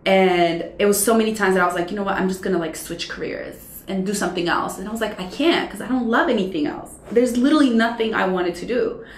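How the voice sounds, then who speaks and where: A woman in her thirties, a radio personality, chatting as an interview guest and telling stories with lively acted-out dialogue. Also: medium pitch, quick pace, hardly any pauses, slight background noise. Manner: animated storyteller who acts out quoted dialogue. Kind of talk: casual interview conversation. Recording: roomy echo.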